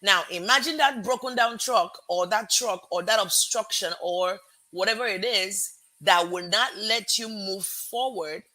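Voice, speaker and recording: A woman with a mixed American and Nigerian accent hosting a motivational live stream, energetic and chatty, greeting viewers and pausing to fix her words. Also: medium pitch. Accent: American-Nigerian mix. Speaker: host.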